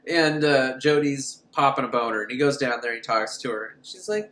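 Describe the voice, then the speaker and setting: A film reviewer gives a casual comedic recap of a horror movie, crude and sarcastic, laughing at his own jokes. He speaks at medium pitch, fairly quickly with few pauses, in a slightly bright voice within an echoey room.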